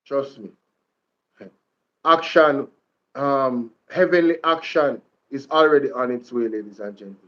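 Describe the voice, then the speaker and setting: A man's voice: mid-range voice, a little slow, long pauses, highs cut off. A man with a Jamaican accent hosting political commentary, repeating lines and speaking to his viewers like a preacher. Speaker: commentary vlog host.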